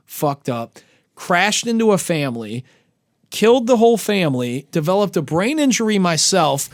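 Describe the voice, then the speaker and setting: A young man with a voice a touch higher than most, telling a story in loose, casual talk. He swears often and gets animated as he goes. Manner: animated, profane, laughing storyteller. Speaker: podcast guest.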